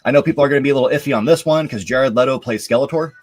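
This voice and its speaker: A man's voice: medium pitch, rapid-fire. A young man hosting a live stream, chatting casually and rambling with many fillers about upcoming games and movies. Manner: relaxed, rambling, lots of fillers. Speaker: show host.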